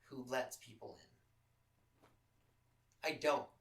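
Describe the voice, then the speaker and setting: A man's voice: medium pitch, steady tone, slow pace, gravelly, echoey room, recorded from a distance, low-quality recording. A man from Los Angeles hosting a podcast, telling a personal story in casual chat, candid and full of swearing. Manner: profane, candid, emotional storytelling. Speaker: podcast host.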